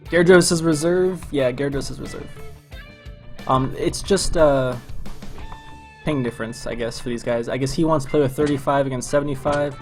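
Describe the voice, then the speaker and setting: A man's voice: medium pitch, fairly even intonation, normal speed, faint music behind. A man hosting and casting a live game stream, joking and rambling between matches. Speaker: esports caster and stream host. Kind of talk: casual live-stream commentary.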